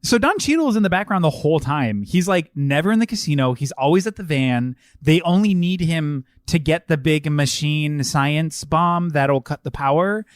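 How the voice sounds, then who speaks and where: Animated man ranting on a podcast. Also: fairly high pitch, normal speed, few pauses, no room sound, studio quality. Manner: animated, laughing, mocking put-on accents. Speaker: podcast co-host. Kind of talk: casual film-review chat.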